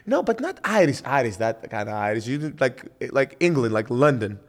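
Animated podcast host, man. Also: medium pitch, normal speed. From Greece. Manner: animated, jokey, playful teasing. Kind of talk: casual conversation.

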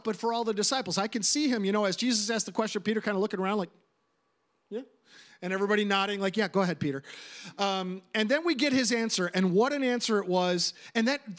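A middle-aged male pastor preaching in a notably high voice. He leans hard on repeated phrases for emphasis and drops in casual asides to the congregation. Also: fairly bright tone. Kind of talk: sermon.

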